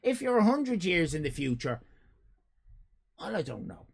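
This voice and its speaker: A man's voice: on the high side, sing-song, normal speed, creaky, breathy edge. A man with an Irish accent, chatting casually to his live-stream audience, rambling and joking and calling out viewers by name. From Ireland. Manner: rambling, jokey, talks to chat by name.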